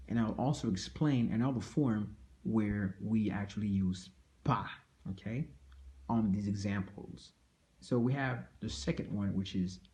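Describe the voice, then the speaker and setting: A man teaching a language lesson at an unhurried pace. His voice is mellow and relaxed, and he says each example twice and keeps checking in with "okay?". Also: on the low side. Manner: slow, repeats each phrase, asks "okay?" often.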